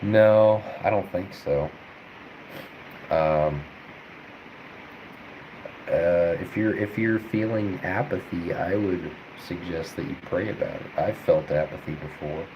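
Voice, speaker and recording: Deep-voiced young man thinking aloud. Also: takes it slowly, pauses often, lo-fi sound, slight background noise. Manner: rambling, thinks aloud with many fillers. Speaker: veterinary student streamer. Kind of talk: casual study livestream, answering chat.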